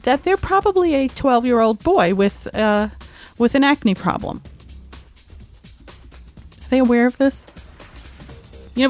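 Ranting woman with a high voice. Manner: ranting, many "like" fillers. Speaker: host. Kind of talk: casual opinion chat.

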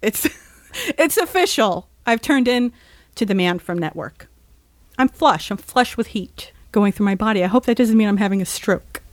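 A woman's voice: medium pitch, lively intonation, moderate pace, dry recording. A woman hosting a podcast, ranting in an agitated, sarcastic and profane way before chatting with a caller. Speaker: podcast host. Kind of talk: ranting monologue, call-in chat.

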